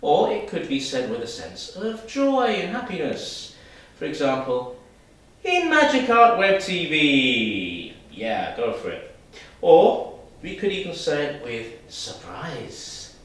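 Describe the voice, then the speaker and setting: A man teaching a video lesson, talking straight to the viewer in a lively, demonstrative way. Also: a little high, a little slow, very echoey, recorded from a distance, rough recording. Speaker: English teacher.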